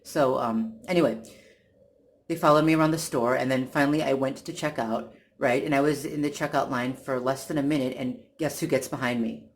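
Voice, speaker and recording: Vlogger, casual personal retelling; halting, repetitive, irritated delivery at a middling pitch. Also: fairly even intonation. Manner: halting, many restarts and repeated words. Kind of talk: casual first-person account.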